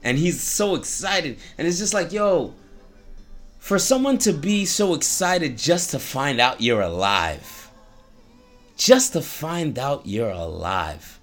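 Animated, slangy male storyteller. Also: a little high, slow, faint music behind. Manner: slangy, animated, preachy asides. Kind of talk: casual storytelling with a moral message.

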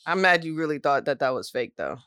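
A woman co-hosting a podcast, chatting casually in an expressive, playful, teasing way. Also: low-pitched, a little fast, no room sound, studio quality. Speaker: podcast co-host. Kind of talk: casual chat.

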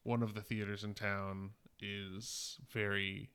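A man's voice: fairly low pitch, level tone, slow, fairly bright tone, clean tone. A man in his late twenties, a podcast co-host chatting casually, rambling with lots of fillers and swearing. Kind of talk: casual chat.

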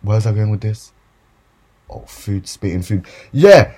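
A man's voice: fairly low pitch, lively intonation, measured pace, dark tone. A young man, ranting casually and profanely about customers while telling retail stories for a podcast. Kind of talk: casual storytime rant.

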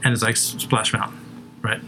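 A man's voice: on the low side, little pitch movement, brisk, sharp tone, a little hiss or hum. A man co-hosting a comedy show, rambling through crude stories with lots of swearing and laughing at his own jokes.

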